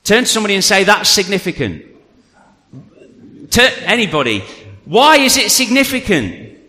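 A man preaching a sermon to a congregation, telling the story with animated energy and then dropping to a quiet, earnest appeal. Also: sits high, fairly quick. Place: church hall. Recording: long reverb of a large hall.

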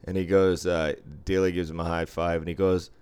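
A man's voice: sits low, little pitch movement, a little fast, a little mellow, clear, resonant tone. A man working as a casino dealer, telling stories in blunt, profane casual chat.

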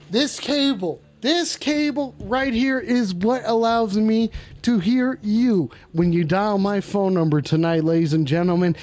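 Brash, high-voiced blustering man. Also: a little mellow, a little hiss or hum. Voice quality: brash, blustering and profane, often repeats himself. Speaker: host of a call-in show. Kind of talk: comedic call-in livestream in character. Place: indoors at home.

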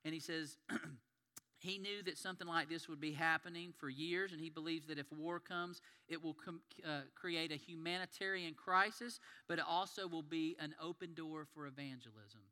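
A man's voice: fairly high pitch, normal speed, sharp tone. A man preaching a sermon in an earnest, conversational storytelling manner. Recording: long hall reverb.

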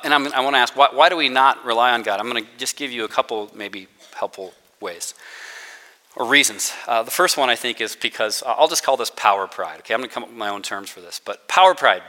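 A man's voice: mid-range voice, fairly quick, pushed and bright. A man giving a casual, self-deprecating sermon to students as their spiritual formation director, mixing in playful sarcasm and acted-out quotes. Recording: long hall reverb.

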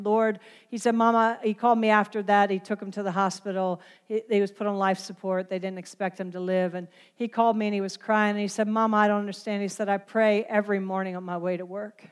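A woman's voice: medium pitch, clean tone. A middle-aged woman preaching a sermon, telling a story and building to impassioned emphasis.

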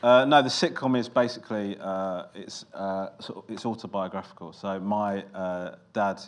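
A comedian in a casual interview, telling stories in a dry, self-mocking way with lots of "uh" and restarts. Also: male voice, lowish voice, fairly even intonation, moderate pace. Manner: dry self-deprecating storytelling with fillers. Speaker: comedian guest.

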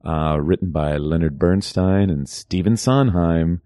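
A man co-hosting a podcast in casual chat, playful and quick to laugh. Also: low voice, warm tone, no echo, clean studio sound. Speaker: podcast co-host.

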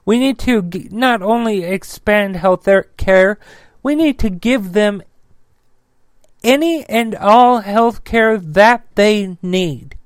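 A man's voice: high-pitched, takes it slowly, dry recording. Furious, profane male commentator. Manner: angry, profane, loud; filler-heavy. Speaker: political commentary host. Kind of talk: ranting political commentary.

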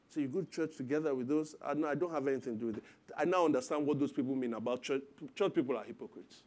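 A man in his thirties preaching a sermon as pastor, lively and acting out parents and children in quoted voices. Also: fairly high pitch, quick pace.

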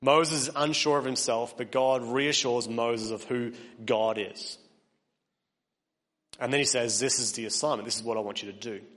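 A man's voice: mid-range voice, steady tone, moderate pace, fairly bright tone. Earnest preacher man in a reverberant hall. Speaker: pastor. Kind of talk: sermon.

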